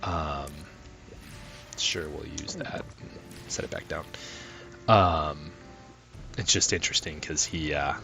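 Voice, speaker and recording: Low-voiced man swearing through gameplay. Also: slow pace, vocal fry, long pauses. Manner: swears a lot, rambling, flares into angry outbursts. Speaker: gaming channel host. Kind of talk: casual gameplay commentary. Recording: music playing loudly behind.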